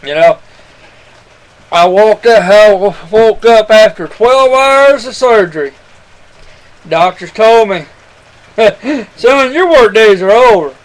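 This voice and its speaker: Man, high voice, smooth clear tone, earnest rambling testimony, webcam recording. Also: animated, slow pace, long pauses, rough recording. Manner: earnest, rambling, addresses listener as son. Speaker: webcam storyteller. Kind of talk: casual personal testimony.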